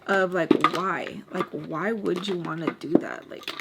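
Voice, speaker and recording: A young woman vlogging a casual storytime while doing her makeup, full of likes and quick restarts. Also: on the low side, steady tone, vocal fry, heavy background noise. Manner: chatty, many likes and restarts; voices others in quoted bursts.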